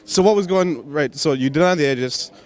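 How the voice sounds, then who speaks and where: A man's voice: a little high, a little fast. A man interviewing a pro gamer at an esports event, firing off prompting questions.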